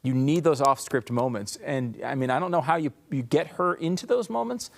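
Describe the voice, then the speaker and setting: A man's voice: mid-range voice, fairly quick, creaky. A male host giving wry live panel commentary and wrapping up the show with promos. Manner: wry and talkative, wraps up with promos.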